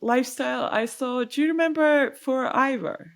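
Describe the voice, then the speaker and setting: A woman co-hosting a podcast in casual industry chat, animated and full of restarts and asides. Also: high voice, normal speed, soft background music. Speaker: podcast co-host.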